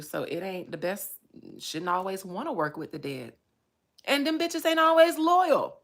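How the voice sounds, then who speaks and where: Animated, cursing woman psychic. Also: fairly high pitch. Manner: profane, animated, laughs often. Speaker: psychic livestreamer. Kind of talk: casual livestream rant.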